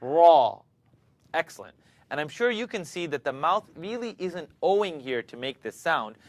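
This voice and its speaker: A man's voice: fairly high pitch, very animated, unhurried, dry recording. A man teaching Quran recitation in a video lesson, patiently demonstrating each letter sound aloud for learners to repeat.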